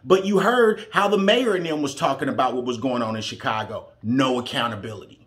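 A man's voice: mid-range voice, brisk, a bit bright. A man giving reaction commentary, blunt and heated, swearing freely as he argues his point. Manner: blunt, heated, profane, preachy. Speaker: reaction show host.

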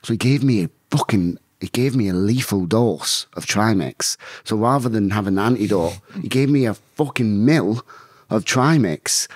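A man's voice: lowish voice, moderate pace, breathy edge, no room sound, studio quality. A man telling a blunt, rambling story full of swearing in a casual interview. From England. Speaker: guest, bare-knuckle fighter.

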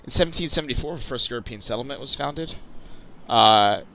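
A man's voice: medium pitch, lively intonation, brisk, creaky, sharp tone, poor audio. Chatty young man narrating a sim flight. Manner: chatty, lots of uh fillers and restarts. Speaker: video host. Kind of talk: casual flight sim commentary.

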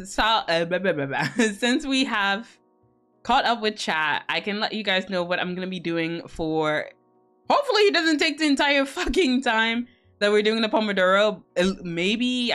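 A woman's voice: mid-range voice, big pitch swings, moderate pace, fairly bright tone, faint music behind. A woman streamer hosting a co-working stream, chatting casually with viewers in a teasing, profane, giggly way.

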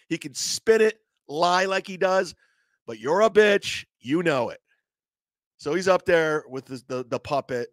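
A man's voice: sits high, moderate pace, dry recording. A man telling a story in a casual, profane rant, acting out what other people said. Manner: animated, profane, acts out other people's lines. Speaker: comedian telling a story on his show.

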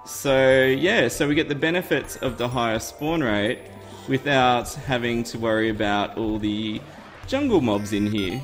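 A man's voice: mid-range voice, a little slow. A man hosting a casual game tutorial, chatty and upbeat, often laughing at himself. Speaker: gaming YouTuber host. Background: faint game music.

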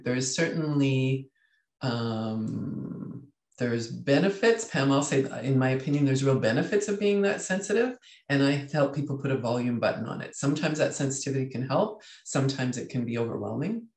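A man, a leadership coach teaching a webinar in a lively way, reading out chat comments and acting out inner voices. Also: mid-range voice, roomy sound.

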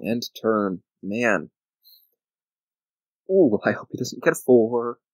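A man narrates his board game session in an unhurried, drawn-out way, counting moves aloud and grumbling in mock anger at his opponent. His voice swings up and down freely. The sound is dry and close, with no room echo. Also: medium pitch, animated, a little mellow. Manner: talks to himself, counts squares aloud, mock-angry grumbling. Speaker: gamer playing a board game video game. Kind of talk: casual gameplay commentary.

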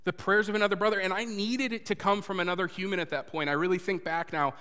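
A man preaching a sermon and telling a personal story, earnest, moving between loud urging and hushed confession. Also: high voice, fairly even intonation, fast, smooth. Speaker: pastor. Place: church sanctuary before a congregation. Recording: long hall reverb.

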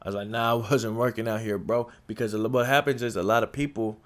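A man's voice: fairly low pitch, fast talker. Streetwise young man telling stories. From California. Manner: streetwise slang, laughs often, animated retelling. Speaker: storyteller. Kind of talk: casual storytelling.

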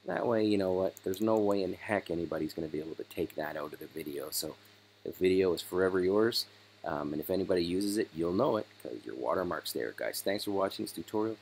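A man hosting a casual step-by-step software tutorial, hoarse as he is losing his voice. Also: low-pitched, quick pace, a little hiss or hum, poor audio. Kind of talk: screen-recorded software tutorial.

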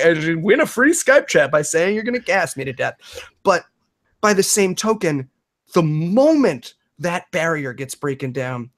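A man, a comedian and magician, telling stories in a fast, animated way in a casual video-call chat, with lots of restarts. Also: a little high. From New York.

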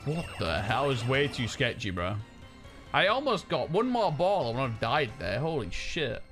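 A man chatting casually and swearing excitably while streaming a video game. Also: mid-range voice, measured pace, soft background music. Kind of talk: casual gaming stream chat.

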